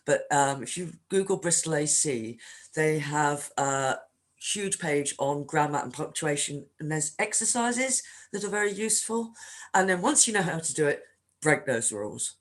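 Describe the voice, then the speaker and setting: A woman's voice: deep voice, expressive, moderate pace. A woman leading a writing workshop, talking conversationally with frequent filler ums. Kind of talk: online workshop talk.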